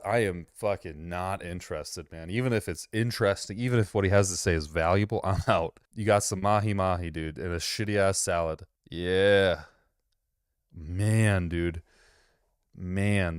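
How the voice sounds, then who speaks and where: A man's voice: low-pitched, a little slow, clear, resonant tone, no echo, studio quality. A man hosting a casual reaction commentary, mocking and rambling with plenty of swearing. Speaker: commentary host.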